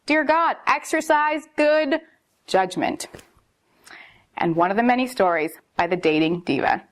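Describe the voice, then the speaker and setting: A young woman tells a dating story straight to her camera in a casual vlog. She sounds exasperated and animated and leans on fillers. Her voice sits a touch higher than most. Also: measured pace. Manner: exasperated, animated storyteller who repeats "like" and "seriously". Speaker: vlogger telling a dating story.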